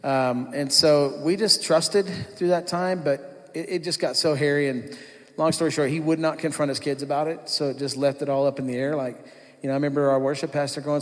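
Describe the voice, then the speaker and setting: A man's voice: fairly high pitch, fairly even intonation, brisk. A man telling his personal testimony to a church congregation in a conversational storytelling way, acting out what others said. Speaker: church worship leader giving his testimony. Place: church sanctuary. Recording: long church-hall reverb.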